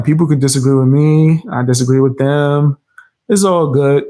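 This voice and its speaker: A man's voice: fairly high pitch, sing-song, fairly quick, a little mellow. A man hosting a reaction commentary, defiant and mocking, with casual slang and frequent laughs. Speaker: commentary channel host.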